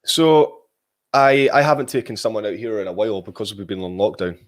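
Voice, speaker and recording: A man's voice: on the low side, brisk. Scottish man chatting, fillers galore. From Scotland. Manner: relaxed, rambling with frequent fillers and restarts. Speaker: guest. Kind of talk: casual video call chat.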